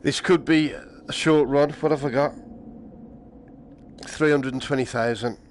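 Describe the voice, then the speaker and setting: A man's voice: medium pitch, steady tone, measured pace, slight background noise. A man commentating while playing a VR shooter, muttering and swearing at the enemies on a headset mic. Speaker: VR gamer streamer. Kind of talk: gameplay commentary. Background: game music.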